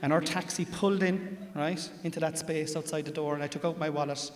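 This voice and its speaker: A man with an Irish accent telling a stand-up story on a theatre stage, moving from a confiding tone to loud punchlines. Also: fairly high pitch, fairly even intonation, brisk, slight background noise. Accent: Irish, Cork. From Ireland. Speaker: stand-up comedian. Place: large theatre stage with audience. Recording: roomy theatre reverb with audience.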